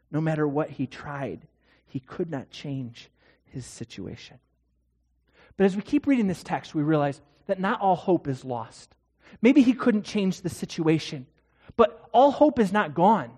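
A man's voice: sits high, darkish tone. A male pastor preaching a sermon in a conversational way, often asking the congregation rhetorical questions. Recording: long hall reverb.

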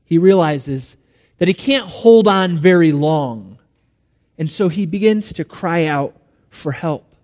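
Slow-preaching man with a high voice. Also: expressive, a little mellow, in a large hall. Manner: storytelling with dramatic swings in volume. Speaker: pastor. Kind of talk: sermon.

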